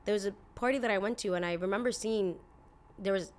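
Fast-talking and mid-range in voice, a woman in her twenties hosts a casual opinion podcast monologue. She sounds blunt and indignant, fills her speech with "like," and swears from time to time.

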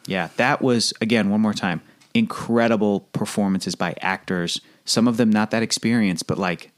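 A man with a fairly low voice hosts a relaxed movie talk. He talks in an animated way and laughs often. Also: normal speed. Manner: animated, laughs a lot, slips into silly voices. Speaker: podcast host. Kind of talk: casual chat.

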